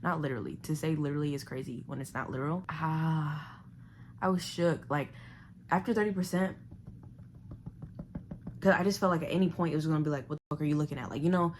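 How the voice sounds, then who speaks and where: A young woman, chatting animatedly at home as she reviews a thriller she just read and sometimes dropping to a hushed whisper. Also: sits low, quick pace, long pauses, slight background noise. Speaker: book vlogger. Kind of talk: casual chat reviewing a thriller. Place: home living room.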